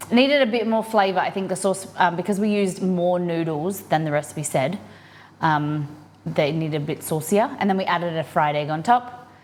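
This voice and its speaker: A woman, chatting upbeat to her viewers while she cooks in her home kitchen. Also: medium pitch. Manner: chatty, upbeat, reacts to chat while cooking. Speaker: cooking streamer. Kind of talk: live cooking stream chat.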